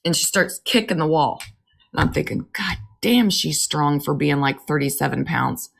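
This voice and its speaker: A woman's voice: low voice, expressive, moderate pace, vocal fry, fairly bright tone, husky. A woman in her thirties co-hosting a podcast, telling candid family stories and swearing freely in casual chat. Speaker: podcast co-host.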